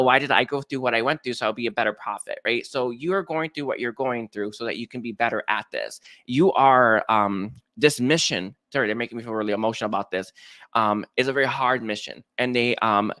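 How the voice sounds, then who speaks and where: A man's voice: mid-range voice, bright, forceful tone, no echo, clean studio sound. A man giving a live-streamed psychic reading, talking with many fillers and restarts. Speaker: psychic reader.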